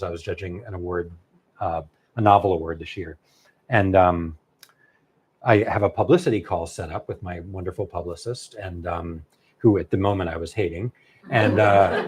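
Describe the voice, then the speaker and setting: A man, a novelist, telling a long story in casual conversation, animated and halting with many fillers and restarts. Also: low voice, slight background noise. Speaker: novelist guest.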